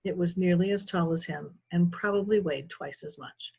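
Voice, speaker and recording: A woman, a teacher, reading a children's novel aloud with steady, expressive storytelling. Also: fairly low pitch, normal speed, breathy edge.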